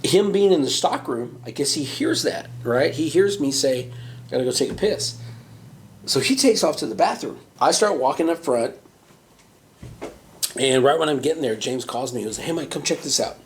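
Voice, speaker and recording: Hosting a podcast, this man speaks at a medium pitch and normal pace, with a little hiss or hum on the recording. He tells a profane workplace story casually, throwing in lots of "right?" and "you know," and performs the quotes loudly like an animated storyteller.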